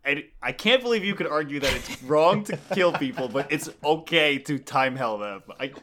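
A man's voice: on the high side, lively intonation, moderate pace, a bit bright. A man on a casual comic book podcast, arguing a point with disbelief. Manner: argumentative, incredulous. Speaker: podcast co-host.

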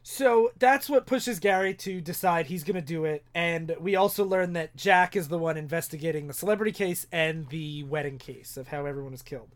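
A man's voice: fairly high pitch, fairly quick, few pauses. A man co-hosting a podcast, recapping loosely with lots of fillers and restarts. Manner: rambling recap full of "like" and restarts. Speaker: podcast co-host. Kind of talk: casual chat.

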